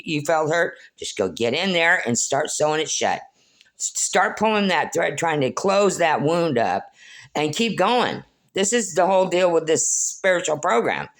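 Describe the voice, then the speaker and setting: A middle-aged woman rambling through a personal monologue to her viewers, blunt, scolding and preachy, calling them "folks.". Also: low voice. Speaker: spiritual vlogger.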